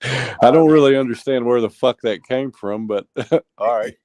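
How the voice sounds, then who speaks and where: A man's voice: medium pitch, normal speed, darkish tone, dry recording. A man co-hosting a casual stream, blunt and wry, swearing freely. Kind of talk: casual chat.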